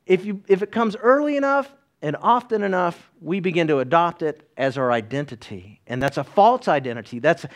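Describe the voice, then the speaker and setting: High-voiced folksy pastor man. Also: expressive, moderate pace, few pauses. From East Tennessee. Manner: folksy, joking asides to the congregation. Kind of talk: sermon.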